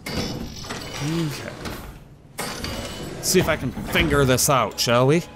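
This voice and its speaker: A man's voice: a little high, slow, background noise. A young man giving casual, goofy commentary while playing a game, talking to objects and to himself. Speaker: let's play gamer.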